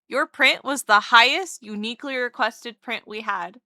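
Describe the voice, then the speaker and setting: A bubbly woman streamer greets her chat over and over and rambles happily, full of fillers. Her voice is bright and a little high. It sounds dry and close, from a desk mic at home. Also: moderate pace, few pauses, no room sound. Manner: bubbly, excitable, greets chat with repeated hellos; chatty and rambling, lots of "like" and "um". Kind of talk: casual live-stream chat.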